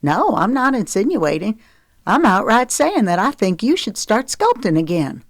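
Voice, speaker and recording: A woman's voice: medium pitch, very animated, normal speed, no echo, pitched above the performer's own voice. A woman reading the part of a frank, coaxing middle-aged mother in an audiobook, in a dry recording.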